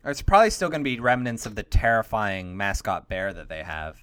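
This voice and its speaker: A young man hosting a podcast, rambling through jokey hypotheticals with deadpan asides in casual chat. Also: fairly low pitch, fairly quick, slight background noise. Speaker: podcast host.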